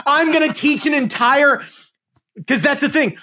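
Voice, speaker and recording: A man's voice: extremely high pitch, fairly even intonation, unhurried, pushed and bright. A man hosting a podcast, ranting theatrically and swearing a lot in casual chat. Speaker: podcast host.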